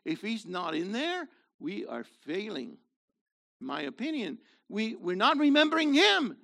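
A male congregation leader preaching with a high, lively voice that swoops up and down. He questions his listeners directly and presses his points with emphatic force. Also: a little slow, vocal fry. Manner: animated, rhetorical questions to congregation, rises to emphatic shouts. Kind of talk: sermon.

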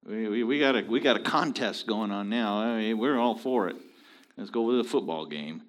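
A man leading a casual Bible study, explaining scripture in an animated, folksy, joking way. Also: fairly low pitch, moderate pace.

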